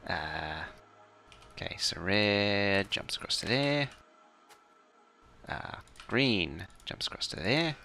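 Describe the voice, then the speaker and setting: A man's voice: lowish voice, expressive, slow pace, creaky, long pauses, sharp tone, soft background music. A man casually commentating while he plays, muttering to himself and now and then making playful mouth sound effects. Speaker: game streamer. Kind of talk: casual live-stream commentary.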